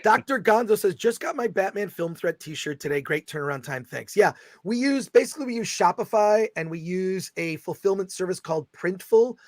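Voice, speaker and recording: Excitable high-voiced man hosting a livestream. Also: normal speed, few pauses, no echo. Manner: excitable, reads viewer super chats aloud. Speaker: host. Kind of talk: casual livestream chat.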